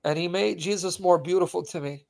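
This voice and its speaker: A fervent man preaching live on a stream, with a voice pitched a little high for a man. He hammers points home by repeating them, and he is close to tears as he speaks. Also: fairly quick, creaky, darkish tone. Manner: emphatic, repeats lines for stress. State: emotional, voice catching.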